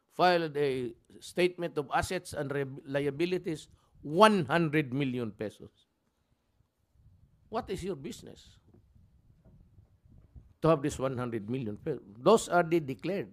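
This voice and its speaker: Blunt, rambling older Filipino man. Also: a little high. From Philippines. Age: 70s. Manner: blunt, angry, rambling with many restarts and fillers. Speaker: president at a press conference. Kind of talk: unscripted press conference remarks.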